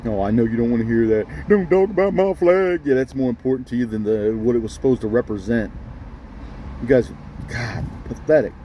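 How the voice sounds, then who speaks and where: A man's voice: medium pitch, fairly even intonation, brisk, highs cut off, a little hiss or hum. A man ranting straight at his viewers in a blunt, scolding way, often pressing them with "okay?". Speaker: vlogger addressing viewers. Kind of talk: ranting monologue to camera.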